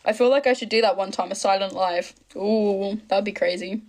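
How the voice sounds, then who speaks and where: A woman's voice: mid-range voice, a little mellow. A chatty, giggly English woman in her twenties from the east of England, hosting a casual live stream and answering viewer comments. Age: 20s. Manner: chatty and giggly, quick asides. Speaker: livestream host.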